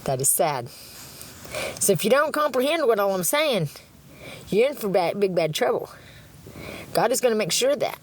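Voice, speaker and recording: Lively, profane middle-aged woman. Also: medium pitch, moderate pace, pauses often, slight background noise. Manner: blunt, profane and rambling, laughs often, talks about God. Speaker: livestreamer. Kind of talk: rambling livestream chat.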